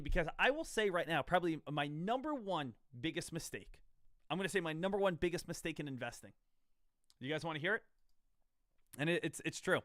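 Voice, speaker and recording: A man's voice: fairly high pitch, a bit bright, dry recording, studio quality. A man in his thirties talking casually to viewers on a live trading stream, rambling, repeating himself and quizzing his audience. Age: 30s.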